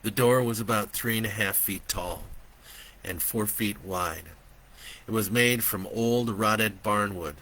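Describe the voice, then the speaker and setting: A man reading aloud from his own horror novel in a slow, deliberate storytelling manner. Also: on the low side, pushed and bright, poor audio. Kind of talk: audiobook narration.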